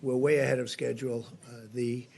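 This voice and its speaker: A man's voice: mid-range voice, little pitch movement, fairly quick, gravelly, darkish tone, husky. An older man giving a press briefing at a podium microphone, repeating himself with emphatic superlatives. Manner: repetitive, emphatic, superlative-heavy delivery. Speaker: political leader giving a briefing. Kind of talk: spoken press briefing remarks. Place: briefing room.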